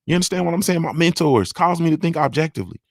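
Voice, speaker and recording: A man's voice: a little high, lively intonation, quick pace, a little mellow, dry recording, studio quality. A man hosting a morning show, ranting about politics in an emphatic, profane way and often asking if listeners understand. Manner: emphatic, profane, keeps asking "you understand what I'm saying?". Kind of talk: unscripted political rant.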